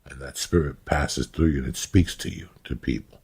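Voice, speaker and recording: A middle-aged man hosting a podcast, telling rambling, animated stories in casual chat. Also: a bass voice, normal speed. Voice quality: very raspy and gravelly. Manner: animated, rambling, acts out scenes. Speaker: podcast host.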